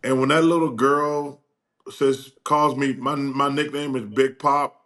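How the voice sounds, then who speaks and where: An older man telling stories as a guest in a casual chat, acting out quoted dialogue with lively energy. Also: medium pitch, a little slow. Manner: animated, acts out quoted dialogue.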